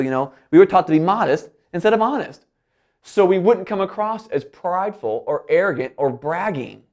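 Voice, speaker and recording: A man giving a motivational keynote talk, animated, often acting out quoted voices and his own self-talk. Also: sits high, brisk. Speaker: keynote speaker.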